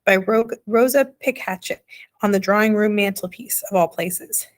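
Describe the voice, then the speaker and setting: A woman's voice: mid-range voice, normal speed, close to an everyday voice. A woman doing Homily, fussy anxious mother. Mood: scolding. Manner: emphatic, scolding, fussy. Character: anxious, sharp-tongued tiny mother.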